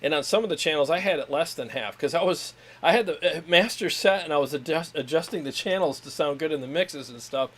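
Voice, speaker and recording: A man's voice: fairly high pitch, a little fast, hardly any pauses, fairly bright tone. A man hosting a casual livestream, talking about his equipment in an enthusiastic, rambling way with restarts and frequent laughter. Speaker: show host.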